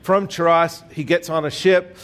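A middle-aged man delivers a sermon as the congregation's pastor. His voice sits a bit higher than most men's. He talks in an easy, conversational way, with gentle self-deprecating humor. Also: steady tone, a little slow.

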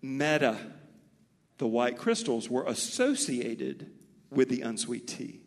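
A man from Mobile, Alabama with a Southern accent, preaching a sermon as pastor with animated, folksy storytelling. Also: mid-range voice, slow, big-room sound.

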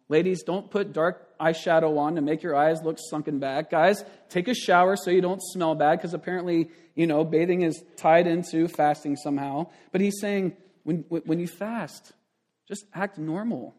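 A man's voice: sits high, normal speed, a little mellow. A man in his thirties, a pastor giving a conversational sermon with frequent asides and restarts.

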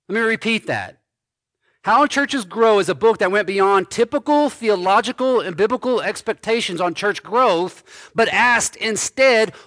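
Male pastor, sermon delivery, deliberate slow pace, dry close sound. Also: sits high, fairly bright tone, dry recording. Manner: slow, emphatic preaching with repeated phrases.

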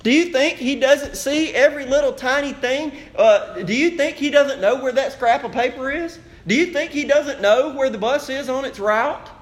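A man preaching a sermon as pastor, with animated rhetorical questions. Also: very high voice, normal speed, few pauses.

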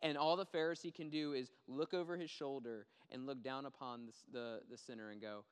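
A man's voice: medium pitch, fairly even intonation, fairly quick, hardly any pauses, clear, resonant tone, big-room sound. A man preaching a conversational sermon, acting out quoted voices as he goes. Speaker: pastor.

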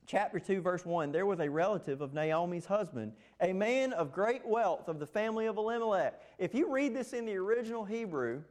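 A man preaching a sermon, lively and animated, acting out the words of the text. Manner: animated, acts out scripture quotes with rising pitch.

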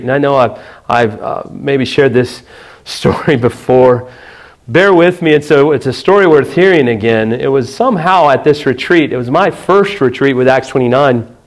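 A middle-aged man preaching a sermon as a pastor, telling a personal story with earnest pauses and restarts, then dropping soft and low for tender points.

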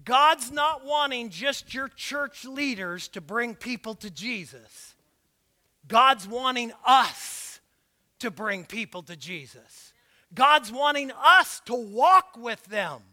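A man with a strikingly high, bright voice preaches slowly and deliberately from the pulpit. His delivery leans on emphasis and occasional shouts, and his words carry a slight lisp. He drops into easy, joking asides between points. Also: animated. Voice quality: slight lisp from dental aligners. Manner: breaks into laughter and asides. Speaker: pastor. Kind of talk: sermon. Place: church sanctuary, also live-streamed.

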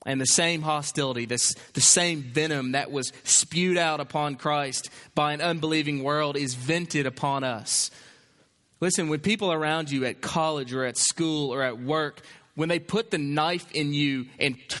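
A man's voice: on the high side, unhurried, fairly bright tone, in a large hall. A male pastor preaching a sermon, emphatic, with repeated phrases and rhetorical questions.

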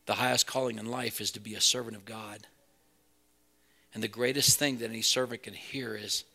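A man's voice: fairly low pitch, fairly even intonation, a little fast, vocal fry, pushed and bright. A man preaching a sermon as pastor, earnest and building to emphatic peaks.

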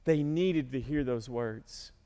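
A man's voice: mid-range voice, slow, dark tone, clear, resonant tone, in a large hall. A man preaching a sermon as pastor, speaking earnestly and emotionally, at times rising into pleading cries.

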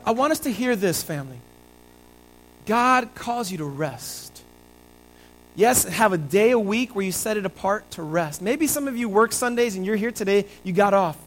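A man's voice: high-pitched, rough recording. A male pastor preaching a conversational sermon and telling stories to his congregation.

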